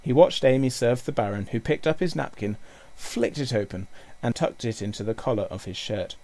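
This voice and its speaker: Gravelly man reading a children's book. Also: medium pitch, normal speed. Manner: expressive storytelling. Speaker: primary school teacher.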